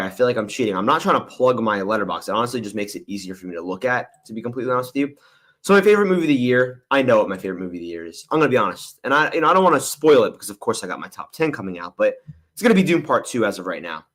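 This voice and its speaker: A young man hosts a movie livestream Q&A, answering viewer questions in a candid, rambling way and often saying "honestly" and "I'm gonna be real." He talks very fast in a mid-range, slightly bright voice with big pitch swings.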